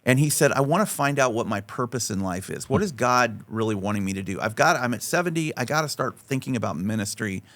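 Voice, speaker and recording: This man talks like a storyteller on a podcast. He often restarts and repeats words, and his voice jumps up high when he acts out what other people said. His pitch sits in the middle range for a man. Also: fast, few pauses. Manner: animated storyteller, voice rising high when acting out quotes. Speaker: faith-based life coach and podcast guest.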